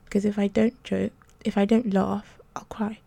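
A woman voicing a frail, sick young girl who speaks softly and breathlessly, half in a whisper. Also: medium pitch, level tone, moderate pace, creaky, breathy edge, dry recording. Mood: whispery.

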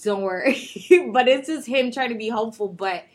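A woman's voice: fairly high pitch, expressive, normal speed. Slangy storytelling woman in her thirties. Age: 30s. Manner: storytelling, slangy, acts out quoted lines. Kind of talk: casual chat.

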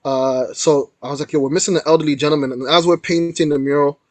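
A man's voice: a little high, fast talker, no echo. A young man, a guest artist, telling a story in a casual, slangy interview style. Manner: animated storyteller, slangy with frequent "yo" and "like".

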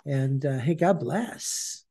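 A man hosts a faith podcast in an easygoing way. His voice is mellow and medium in pitch, and his talk is loose, with plenty of "uh" fillers between thoughts. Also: expressive, slow pace, husky. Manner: warm-hearted, many "uh" fillers. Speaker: podcast host. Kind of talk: casual faith podcast hosting.

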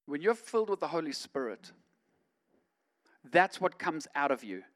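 A man, a pastor, preaching a sermon in a conversational way that swings from quiet asides to loud, emphatic stretches. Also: a little high, very animated, normal speed.

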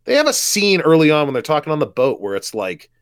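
A man's voice: on the high side, wildly swooping pitch, fast. A man chatting casually as a podcast co-host, enthusiastic and full of restarts and swearing. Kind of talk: casual movie chat.

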